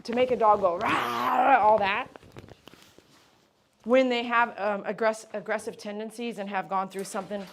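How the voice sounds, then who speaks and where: A woman groomer chatting on a livestream from her grooming shop, rambling through explanations and switching to high sing-song praise for a dog. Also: fairly even intonation, normal speed, long pauses, slight background noise. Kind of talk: casual livestream chat.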